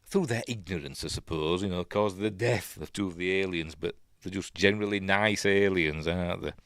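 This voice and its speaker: A deep-voiced podcast host from Yorkshire, England rambles through a casual film recap at normal speed, full of ums, self-corrections, wry asides and soft chuckles. The studio sound is clean with no echo.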